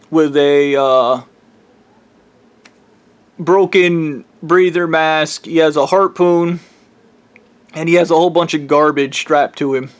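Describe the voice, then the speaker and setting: Man, casual rambling storyteller, profane and blunt, fairly high voice. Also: clear, resonant tone.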